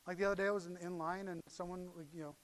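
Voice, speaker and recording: A middle-aged male pastor preaching a sermon, telling stories animatedly and swinging from loud outbursts to hushed asides. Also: sits high, little pitch movement, racing.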